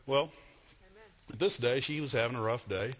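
Husky man preaching in a reverberant hall. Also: medium pitch, moderate pace. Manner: animated, asks the congregation questions. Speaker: pastor. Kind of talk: sermon. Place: church hall. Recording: dull sound with long hall reverb.

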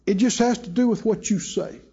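A man's voice: high-pitched, fairly quick, warm tone, breathy edge, lo-fi sound. A man preaching a sermon to a live congregation, emphatic and call-and-response, drawing out key phrases and acting out quotes as he tells stories. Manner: storytelling with voiced quotes. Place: church hall with live audience.

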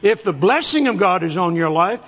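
A man's voice: high-pitched, lively intonation, moderate pace, fairly bright tone. A man preaching a sermon, telling stories with folksy humor, in an echoey, muffled recording. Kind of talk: storytelling sermon. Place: large hall, speaking to an audience.

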